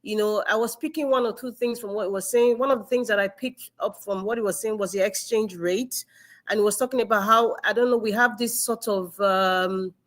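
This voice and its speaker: A woman with a Nigerian accent hosting a live-stream discussion, speaking earnestly and building to emphatic, passionate appeals over a remote call. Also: medium pitch. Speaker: live-stream show host. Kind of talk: impassioned live-stream commentary.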